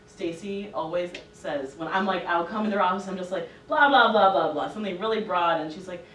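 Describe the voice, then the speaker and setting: A woman's voice: on the low side, steady tone, quick pace, slight background noise. A woman co-leading a parent training session, chatty and casual as she tells stories from work. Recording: echoey room from far off.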